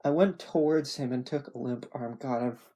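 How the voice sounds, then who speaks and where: Breathy, chatty story reader. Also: medium pitch, moderate pace, mellow. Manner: self-deprecating, chatty asides. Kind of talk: casual read-aloud story with chatty asides.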